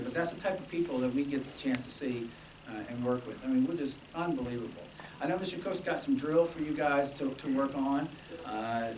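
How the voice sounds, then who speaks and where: A man, a band director, talking casually to alumni, chatty and telling stories with quoted dialogue. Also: on the high side. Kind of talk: informal speech to alumni. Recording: echoey room from far off, with noise.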